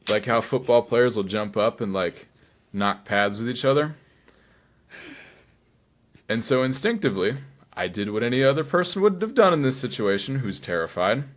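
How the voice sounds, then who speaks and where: Man, low and lively, dramatic storyteller. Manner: dramatic, acts out his own inner voice in hushed asides. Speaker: cosplayer guest. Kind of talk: animated storytelling.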